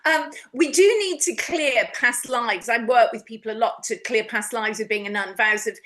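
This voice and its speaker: A woman's voice: on the high side, moderate pace. A middle-aged woman from the UK telling a story in a jolly, chatty way. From United Kingdom. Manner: jolly, animated storyteller who laughs often. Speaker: guest, past life regression therapist. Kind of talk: casual storytelling chat.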